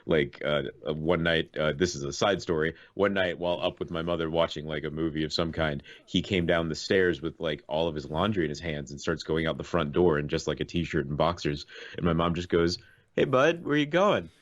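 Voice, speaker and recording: A man's voice: a bass voice, fairly even intonation, a little fast, no room sound, dull audio. A man co-hosting a podcast, casually telling a long story and laughing often. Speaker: podcast co-host. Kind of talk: casual chat.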